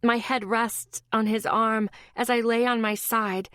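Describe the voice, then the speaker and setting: Brief: female first-person romance narrator, unhurried, emotional, dry studio sound. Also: on the high side, fairly even intonation, fairly bright tone, dry recording. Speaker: audiobook narrator.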